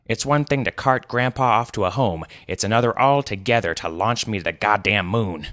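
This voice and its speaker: A man's voice: fairly low pitch, normal speed, a bit bright, no room sound, clean studio sound, lightly acted. A man reading a bitter sarcastic old grandfather. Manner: gruff, sarcastic.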